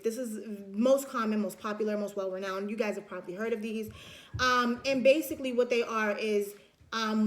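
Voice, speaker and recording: Lecturer woman with a higher-pitched voice, chatty and informal, acts out examples for students. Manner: chatty, acts out examples, many fillers and restarts. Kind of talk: casual recorded lecture.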